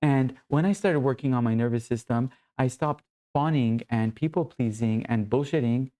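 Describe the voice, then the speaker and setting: Earnest male coach, mellow voice. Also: medium pitch, normal speed. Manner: earnest, intimate, addresses viewer as brother. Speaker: men's coach. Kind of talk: direct-to-camera coaching monologue.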